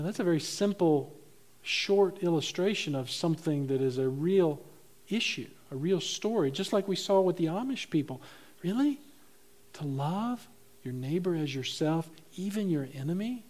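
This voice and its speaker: A male pastor delivering a sermon in his church, his voice pitched notably high. He is animated, climbing to loud emphatic peaks and then dropping to quiet, low asides.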